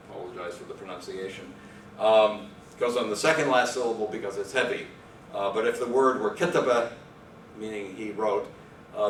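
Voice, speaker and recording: Low-voiced man lecturing in an echoey room. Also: far from the mic, slight background noise. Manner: thinking aloud, hesitant fillers. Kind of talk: academic talk.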